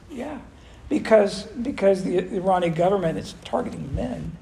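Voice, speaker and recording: An older man preaching a conversational sermon as pastor, animated and full of restarts. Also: sits high, normal speed, gravelly. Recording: echoey room with faint noise.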